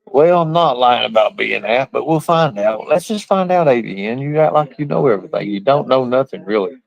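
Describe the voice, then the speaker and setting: A man's voice: mid-range voice, animated, a little fast, vocal fry, lo-fi sound. A man hosting a livestream, ranting in a boastful, profane, mocking way. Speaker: livestream host. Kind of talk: casual livestream rant.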